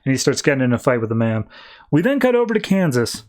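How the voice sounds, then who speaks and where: A man's voice: medium pitch, sing-song, quick pace. A man hosting a podcast, recapping comics in a rambling, slangy way and acting out the characters' lines. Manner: rambling, slangy, acts out quotes. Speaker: podcast host. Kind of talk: casual comic book recap.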